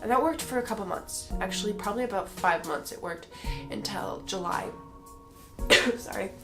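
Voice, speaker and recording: A woman's voice: mid-range voice, moderate pace, music in the background. A woman giving a personal faith testimony to the camera, talking earnestly and emotionally straight to her viewers.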